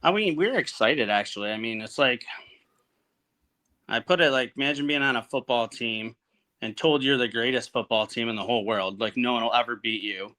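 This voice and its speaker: A man in his forties from upstate New York tells his story in a casual interview. His voice is bright and forceful. He speaks plainly and halts often, restarting his sentences. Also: medium pitch. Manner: halting, plainspoken, many fillers and restarts. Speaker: guest, Marine veteran.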